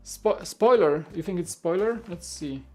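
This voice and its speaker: A man's voice: high voice, slow pace. A man whose first language is Polish chats casually through a live build stream. He stammers, restarts his sentences and laughs often, while music plays faintly underneath his voice. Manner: rambling, stammers and repeats words; chuckles often while talking. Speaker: livestream host.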